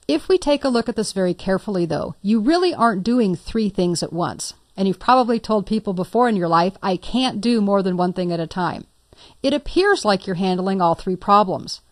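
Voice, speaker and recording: A woman's voice: medium pitch, dry recording, studio quality. A woman instructor talking through a computer tutorial step by step, patient and lightly playful. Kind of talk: screen-recorded software tutorial.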